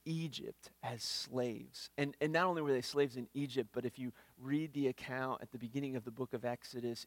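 A man's voice: mid-range voice, dry recording. Guy preaching, earnest, kinda stumbly on words, dry close sound. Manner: earnest, repeats words when starting phrases. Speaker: pastor. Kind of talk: sermon. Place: church.

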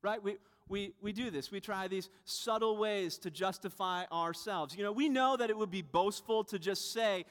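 A man's voice: sits high, moderate pace, hardly any pauses, a bit bright. A young man giving a sermon as pastor, conversational with rhetorical asides. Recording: reverberant hall.

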